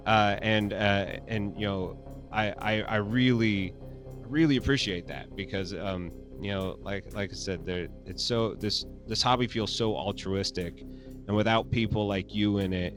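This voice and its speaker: A man's voice: lowish voice, unhurried, a bit bright, faint music behind. A man hosting a casual interview podcast, talking earnestly with frequent restarts. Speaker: podcast host.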